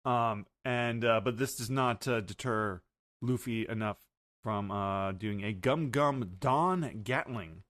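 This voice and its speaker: Halting casual male podcast host. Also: lowish voice, a bit bright, no echo. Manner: many fillers, halting. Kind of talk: casual episode recap.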